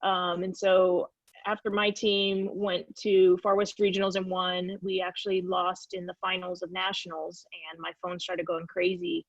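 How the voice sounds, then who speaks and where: A woman's voice: lowish voice, normal speed, dry recording. A woman from California talks on a video call as an interview guest. She tells stories with energy and acts out the voices of people she quotes. The audio is dull and dry, with no room sound. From California, USA. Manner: lively storyteller who acts out quoted dialogue. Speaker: guest, former soccer player. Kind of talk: casual storytelling in a video-call Q&A.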